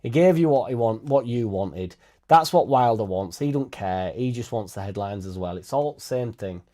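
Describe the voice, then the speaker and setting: A man's voice: on the low side, normal speed. Sweary man ranting. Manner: sweary, blunt, animated ranting with mocking put-on voices. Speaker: football fan channel host. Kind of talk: casual ranting monologue.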